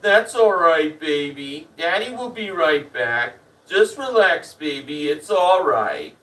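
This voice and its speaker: A man doing a big burly guy yelling. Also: fairly high pitch, animated, slow pace, far from the mic, heavily acted, low-quality recording. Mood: cooing. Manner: cooing baby talk turning to panicked cursing yells. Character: big burly ex-football player man, frightened and furious.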